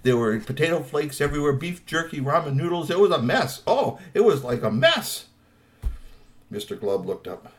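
A man telling a children's story in a playful, animated way, with lots of asides. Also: mid-range voice, normal speed.

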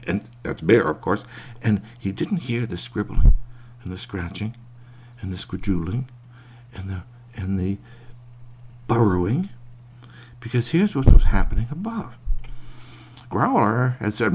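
A man telling a children's tale in a folksy, animated way. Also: on the low side, normal speed, creaky, long pauses, breathy edge. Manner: lively, folksy, puts on voices for animals. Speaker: storyteller. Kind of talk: oral storytelling.

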